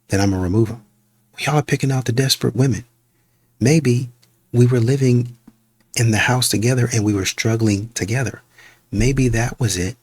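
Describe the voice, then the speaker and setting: A man's voice: mid-range voice, moderate pace, pauses often, a little mellow, breathy edge. A man hosting a reaction video, reasoning aloud in a conversational way. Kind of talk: casual reaction commentary.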